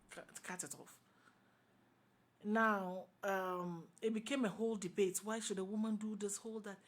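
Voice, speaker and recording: A woman with a Ghanaian English accent and a medium-pitched voice speaks as a talk show panelist. The discussion is passionate and opinionated, and she argues forcefully, repeating her points for emphasis.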